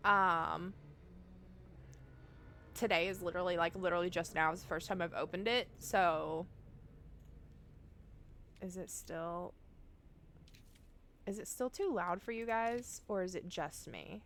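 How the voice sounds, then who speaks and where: A woman's voice: lowish voice, measured pace, long pauses, a bit bright, a little hiss or hum. A woman live streaming from home, chatting casually and swearing freely as she talks straight to her viewers while setting up a game.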